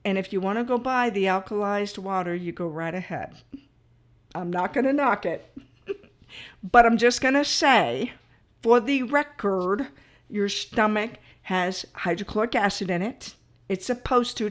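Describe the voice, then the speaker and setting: Chatty middle-aged woman coaching nutrition. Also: mid-range voice. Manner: chatty, animated, laughs at herself, frequent "all right?" asides. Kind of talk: casual to-camera talk.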